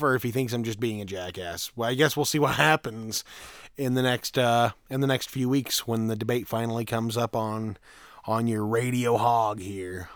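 A man's voice: mid-range voice, fairly bright tone, no echo. Man, podcast co-host, crude rambling banter, dead dry sound. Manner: profane, rambling, laughing at own jokes.

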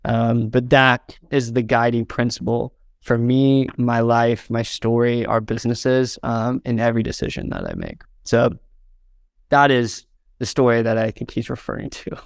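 Young male guest, earnest storyteller, slight fry, dry close recording. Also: mid-range voice, animated, moderate pace, no echo. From southern Indiana, US. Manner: earnest, fills with "like" and "um", gets choked up. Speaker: interview guest, videographer. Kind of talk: heartfelt storytelling in a podcast interview.

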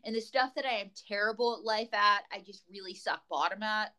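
A woman's voice: medium pitch, brisk, pushed and bright, rough recording. A woman comedian telling rambling, tangent-filled stories as a guest in a casual chat. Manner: rambling, tangent-prone storytelling.

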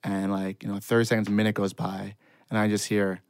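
A man's voice: on the low side, flat delivery, brisk, clean tone, dry recording, studio quality. A man telling a long, self-deprecating funny story in casual chat. He rambles and laughs often.

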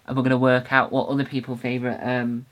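A young man hosts a solo podcast, talking in a casual, unscripted way and rambling eagerly with restarts and filler words. His ordinary mid-pitched voice is a bit bright, fast, and completely flat in delivery.

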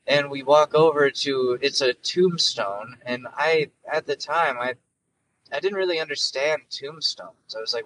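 Profane, rambling young podcast host. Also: male voice, medium pitch, unhurried, a bit bright, recorded from a distance, a little hiss or hum, poor audio. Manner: rambling, profane, jokey, with frequent fillers. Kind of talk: casual solo monologue.

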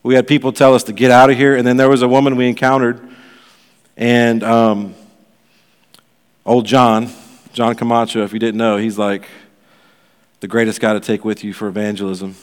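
A pastor giving a sermon, telling a story in a loose, conversational way full of fillers. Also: male voice, medium pitch, little pitch movement, normal speed, long pauses, clean tone, big-room sound.

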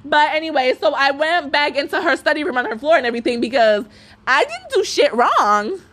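Animated young woman ranting with laughs. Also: high-pitched, brisk, a little hiss or hum. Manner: profane, animated, laughing through the story. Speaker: podcast host. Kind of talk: ranting storytime monologue.

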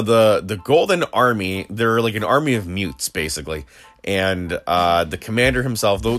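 Male vlogger, low voice, loose rambling delivery over faint music. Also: a bit bright. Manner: rambling, with many restarts and quoted dialogue. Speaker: video creator recapping a TV episode. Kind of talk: casual recap monologue.

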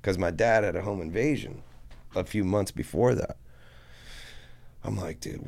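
Gravelly deep-voiced man telling a story. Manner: profane, animated, acts out what people said. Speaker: guest musician. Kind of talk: casual storytelling.

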